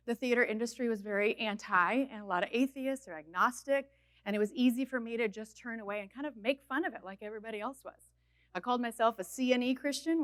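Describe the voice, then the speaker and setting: A woman in her forties from Minnesota giving a personal testimony at a college chapel, telling her story in a lively, conversational way. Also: fairly high pitch. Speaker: chapel speaker.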